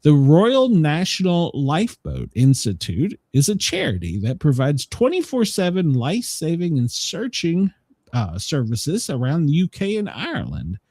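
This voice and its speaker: Guy hosting a chatty podcast, voice swings all over, bit high, dry close sound. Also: measured pace, no room sound. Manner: animated storyteller, chuckling, mimicking people. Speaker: podcast host. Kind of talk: casual chat.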